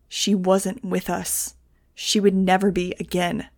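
A woman reading a novel aloud in the first person, with a steady, measured delivery. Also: lowish voice, dry recording, clean studio sound. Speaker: audiobook reader.

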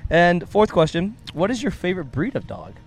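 A man co-hosting a casual podcast, teasing his guest and quick to laugh. His voice sits a little on the high side. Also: animated, husky, dry recording. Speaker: podcast co-host.

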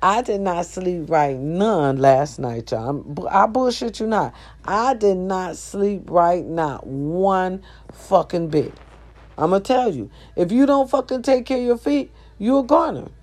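A woman sitting on her bed, in pain, telling a profane, animated story straight to her viewers. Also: on the low side, unhurried. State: sore, in pain. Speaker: vlogger. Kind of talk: casual storytelling vlog.

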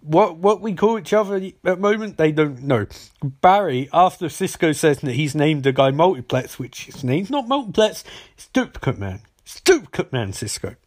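Animated, sarcastic man with a high, swooping voice, riffing on a TV episode's plot holes. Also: moderate pace. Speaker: TV episode reviewer. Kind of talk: comedic episode recap.

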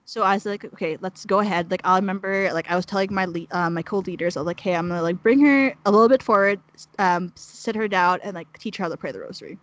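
A woman's voice: medium pitch, quick pace, no echo. A young woman telling a heartfelt story in casual chat, rambling with many "like"s. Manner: rambling, heavy use of "like", emotional storytelling. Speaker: guest sharing a mission story.

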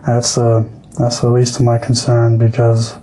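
A man's voice: mid-range voice, monotone, unhurried, dark tone, a little hiss or hum, low-quality recording. A young man on a podcast, talking casually and hesitantly, often restarting his sentences. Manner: hesitant, many restarts and fillers. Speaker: podcast guest.

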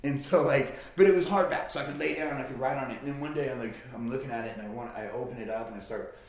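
A man's voice: medium pitch, very fast. Male guest, casual storyteller, swears freely, heavy room echo. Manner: blunt and profane, swears often. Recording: very echoey room.

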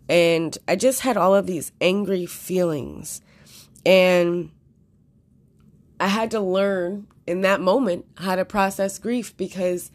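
A woman's voice: fairly low pitch, measured pace. A young woman hosting a podcast, talking earnestly through a personal reflection with frequent fillers and restarts. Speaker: podcast host.

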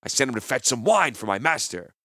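A man voicing a bold, cunning young hero in chains who calls out loudly and urgently, in a storybook reading. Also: medium pitch, sing-song, dry recording, studio quality. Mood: scheming. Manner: loud, urgent, quick-witted calling out.

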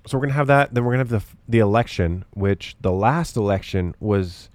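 A man's voice: fairly low pitch, fairly quick, darkish tone, no room sound. A young man talking in a rambling, profane way with lots of fillers, hosting a casual solo podcast.

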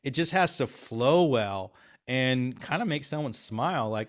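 A man as an interview guest, telling business stories in a chatty, animated way with many fillers and restarts. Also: mid-range voice, unhurried. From half Swiss, half Filipino family. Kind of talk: casual interview talk.

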